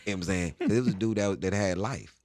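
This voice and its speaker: A man's voice: low-pitched, quick pace. A male comedian telling stories from his past as a guest in a studio interview, acting out the scenes. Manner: animated storyteller acting out scenes. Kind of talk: storytelling interview.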